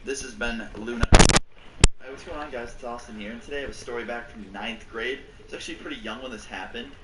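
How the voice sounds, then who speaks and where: A young man rambles through a casual storytime vlog and swears freely. He sits well back from the mic in a roomy, echoing space. Loud clicking noise runs under his voice the whole time. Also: mid-range voice, fairly even intonation, quick pace, far from the mic. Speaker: vlogger telling a story. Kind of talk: casual storytime with game play.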